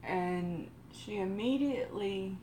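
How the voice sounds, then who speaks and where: A woman with a Texas accent telling a personal story in a slow, rambling way while doing her makeup on a live stream. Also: medium pitch, mellow, a little hiss or hum. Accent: Texan. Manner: slow rambling delivery with many pauses. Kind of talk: casual storytelling during a makeup routine.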